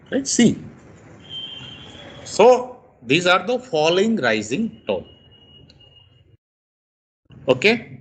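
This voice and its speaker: A man's voice: a little high, wildly swooping pitch, breathy edge. A man teaching a lesson on intonation, stretching his rises and falls to demonstrate each tone. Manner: slow, exaggerated rises and falls to demonstrate tones. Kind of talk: lecture on intonation.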